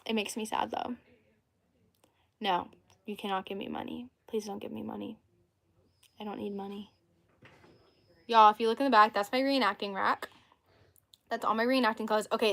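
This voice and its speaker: An eighteen-year-old woman talks loosely on a livestream, drifting from one topic to the next and answering comments as they come in. Her voice sits at an ordinary middle pitch, and her talk is full of fillers and restarts. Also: steady tone, normal speed, gravelly, long pauses, fairly bright tone. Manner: rambling, chatty, reads comments. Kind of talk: casual livestream chat.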